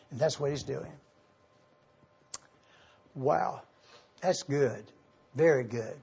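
A man's voice: medium pitch, slow pace, gravelly, pauses often, a little mellow, husky. An older man preaching a sermon as pastor, emphatic and asking the congregation questions. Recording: dull lo-fi sound.

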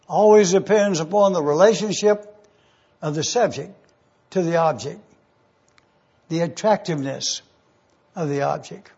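A man preaching a numbered teaching sermon, speaking slowly and deliberately and repeating key phrases. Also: sits high, a little mellow, husky, dull audio.

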